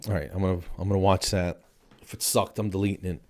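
A man's voice: low voice, steady tone, fast talker. Tired, rambling man ranting. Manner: rambling, exasperated, repeats himself. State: tired late at night. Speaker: podcast host and comedian. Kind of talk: casual stand-up style monologue.

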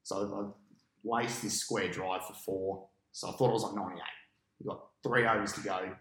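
Aussie bloke, low voice, telling his match story with gusto, roomy sound. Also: normal speed. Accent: Australian. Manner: animated storyteller, acts out his own past thoughts. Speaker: podcast guest, cricket captain. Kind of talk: casual storytelling interview.

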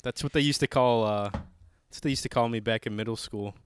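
A man's voice: mid-range voice, brisk, slight background noise. A young man hosting a podcast, bantering casually with fillers and swearing. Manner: joking, profane, loose with fillers. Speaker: podcast host.

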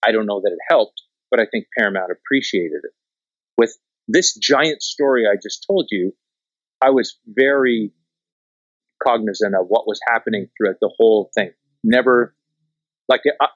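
Low-voiced man telling stories, dry and muffled. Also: no echo. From Canada. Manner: animated, swears freely, acts out quotes. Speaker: documentary filmmaker. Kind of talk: casual storytelling in conversation.

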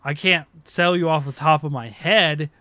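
A man co-hosting a casual chat, excitable, speculating at length and laughing loudly. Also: a little high, normal speed, no echo. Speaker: podcast co-host.

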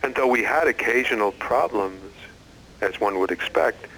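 A middle-aged man, an experienced educator, answering interview questions in an earnest, measured way with frequent restarts. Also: mid-range voice, lively intonation, bright, forceful tone, rough recording. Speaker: educator and former school head.

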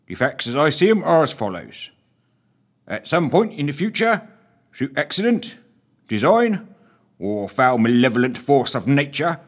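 A man voicing a measured, deliberate investigator who takes charge, in a storybook reading. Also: mid-range voice. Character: calm man taking charge, investigator type.

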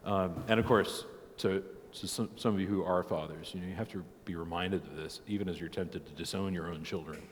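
A man's voice: low-pitched, steady tone, fairly quick, long reverb tail, slight background noise. A man in his thirties teaching a church catechism class in a casual, joking way, laughing often and peppering his talk with "like" and "right". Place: church hall.

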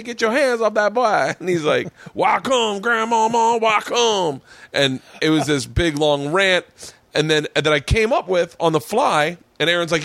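A man hosting a podcast, a comedian telling stories in casual chat with animated quoted voices. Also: medium pitch, dry recording.

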